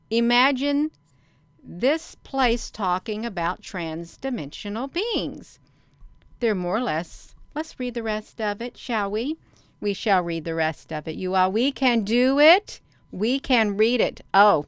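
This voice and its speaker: Animated yet slow-paced, a woman with a medium-pitched, clean voice reads a document on her own channel and casually remarks on it. Her recording is dry, and she stresses words, repeats phrases and often calls out to "you all".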